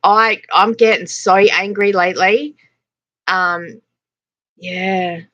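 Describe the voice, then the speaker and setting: A woman's voice: mid-range voice, fairly even intonation, takes it slowly, sharp tone, lo-fi sound. A middle-aged Australian woman hosting a casual livestream, chatting and laughing as she greets viewers by name. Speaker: livestream host. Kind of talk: casual livestream chat reading comments.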